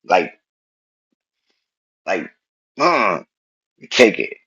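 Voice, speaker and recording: Gravelly low-voiced man telling a story. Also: slow, pauses often, highs cut off. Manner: animated, street slang, repeats himself. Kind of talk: casual personal storytelling.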